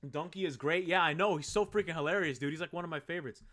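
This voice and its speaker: A young man streaming live, chatting loosely with viewers in an excitable, rambling way and swearing freely. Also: a little high, quick pace. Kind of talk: casual live-stream chat.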